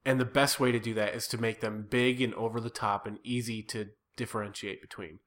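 A man's voice: lowish voice, fairly even intonation, fairly quick, a bit bright. Earnest man coaching on improv. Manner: earnest, advising, with frequent restarts. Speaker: improv performer and workshop teacher. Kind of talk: casual podcast chat.

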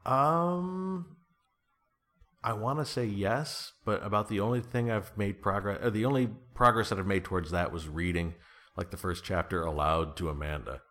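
A man's voice: fairly low pitch, normal speed, fairly bright tone. A man talking as an author guest in a casual interview, playful, laughing often and slipping into comic voices.

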